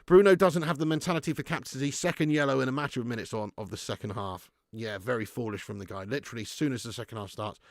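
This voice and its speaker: A man's voice: medium pitch, quick pace, few pauses, dry recording, studio quality. A young adult man hosting a casual livestream, chatty, laughing often and reading out viewer comments. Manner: chatty, laughs often, puts on mock regional accents. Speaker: fan channel livestream host.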